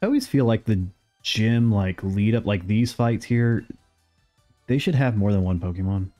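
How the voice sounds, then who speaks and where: A young man streaming a game and chatting casually, rambling along with sudden excited outbursts. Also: fairly low pitch, normal speed, soft background music. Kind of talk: casual live gameplay commentary.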